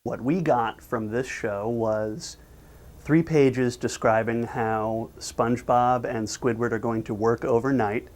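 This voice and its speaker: A man in a making-of feature who explains how episodes are written, then pitches a cartoon scene by acting it out. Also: slow pace. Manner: lively, acts out scenes. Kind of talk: animated story pitch.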